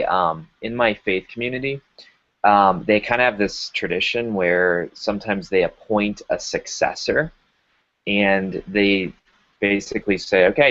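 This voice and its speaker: A lower-voiced man tells a story with energy, putting weight on words and playing out the conversations. The recording sounds dull and lo-fi. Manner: energetic, emphatic storyteller who acts out dialogue. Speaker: guest. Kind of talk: storytelling interview.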